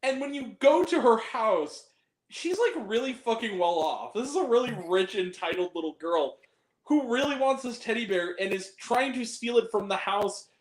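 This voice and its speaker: A man's voice: very high-pitched, expressive, moderate pace. A man reviewing a film on a podcast in casual chat, swearing freely and often breaking into laughter. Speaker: podcast guest. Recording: roomy echo.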